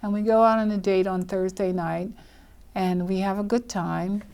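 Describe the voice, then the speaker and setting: Older woman telling a lively story. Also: medium pitch, moderate pace, clear, resonant tone. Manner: lively storyteller who acts out quoted speech and laughs often. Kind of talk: telling her life story.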